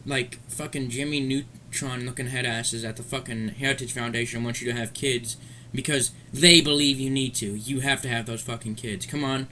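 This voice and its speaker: A man's voice: mid-range voice, fairly even intonation, normal speed, few pauses, sharp tone, slight background noise. A man ranting in a commentary vlog, angry, profane and rambling. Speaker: commentary vlogger.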